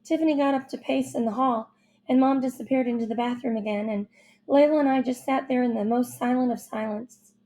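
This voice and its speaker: A woman reading a first-person children's novel aloud with expressive, youthful storytelling. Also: fairly high pitch, brisk. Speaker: audiobook narrator.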